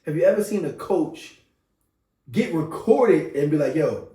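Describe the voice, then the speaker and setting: Animated man in casual sports banter. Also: on the high side, far from the mic. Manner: animated, laughing, does quick impressions. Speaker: podcast co-host. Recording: roomy sound from off the mic.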